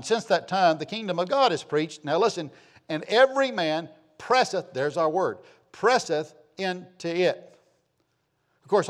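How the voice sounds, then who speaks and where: A fiery pastor in his sixties preaches a sermon in a high, ringing voice. He reads scripture slowly and forcefully, sinks to hushed, low asides, then climbs back to near shouts.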